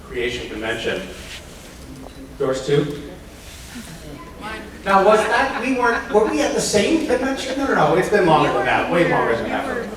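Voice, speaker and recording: A man on stage as a convention guest, joking playfully with a deadpan edge. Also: fairly high pitch. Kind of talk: casual panel banter. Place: large convention hall with audience. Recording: echoey hall recorded from far off with crowd.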